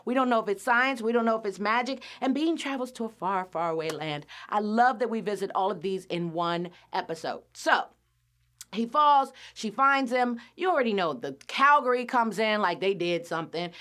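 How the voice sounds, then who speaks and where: A woman's voice: on the high side, moderate pace. A woman hosting a podcast, casually recapping a cartoon episode and acting out the characters' lines with lots of laughs. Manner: animated storyteller, acts out characters' lines, laughs often.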